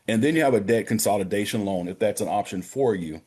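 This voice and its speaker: A man who works as a banker, giving a practical financial literacy talk on a prayer call and speaking directly to his listeners as gentlemen and brothers. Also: on the low side, fairly quick, hardly any pauses, slightly rough.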